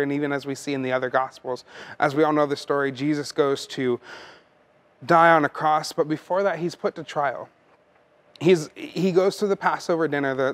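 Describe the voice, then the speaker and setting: A man preaching a sermon as pastor, earnest and conversational, often repeating words as he goes. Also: fairly high pitch.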